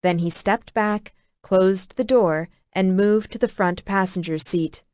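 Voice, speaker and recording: A woman narrating an audiobook with a steady, even reading. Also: medium pitch, unhurried, dry recording, clean studio sound. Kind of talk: scripted narration.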